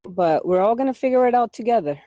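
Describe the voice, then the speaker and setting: A woman's voice: a little high, expressive, fast talker, warm tone, no echo, lo-fi sound. A woman co-hosting a casual podcast who is a little sick and holding back a cough. She laughs easily and slips Spanish words into her English. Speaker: podcast co-host.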